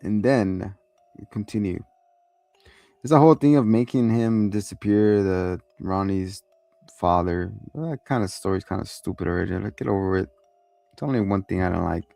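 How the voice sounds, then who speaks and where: A man's voice: deep voice, normal speed, vocal fry, dark tone, soft background music. A man hosting a show, giving a rambling, profane, casual recap of a TV episode and acting out lines. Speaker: show host reviewing a TV episode.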